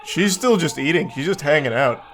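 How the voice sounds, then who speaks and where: A man's voice: fairly high pitch, expressive, normal speed, a bit bright, soft background music. Male streamer, casual reaction commentary, dry and profane delivery. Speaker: livestreamer.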